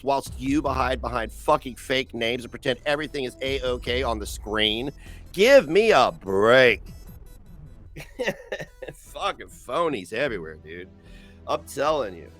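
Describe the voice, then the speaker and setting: A man's voice: medium pitch, bright, forceful tone. A man ranting on a livestream in a profane, mocking, sarcastic way. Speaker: streamer.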